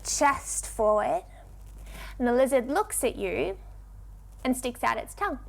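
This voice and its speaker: A woman's voice: high-pitched, animated, gravelly. A woman guiding children through a yoga story, playful and encouraging, asking them questions and drawing out her instructions. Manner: slow, drawn-out instructions. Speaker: kids yoga teacher.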